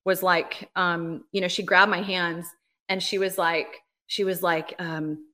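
Bright-voiced woman telling a testimony. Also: lowish voice, measured pace. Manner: animated storyteller, frequent "like" and "right?". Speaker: ministry leader, podcast guest. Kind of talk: casual interview, personal testimony.

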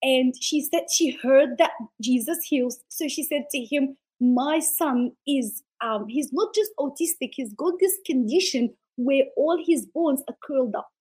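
High-voiced woman sharing a fervent testimony. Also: a little slow, hardly any pauses, a little mellow, low-quality recording. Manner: passionate, preacher-like, acts out quotes. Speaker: ministry founder, guest. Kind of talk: storytelling testimony in an interview.

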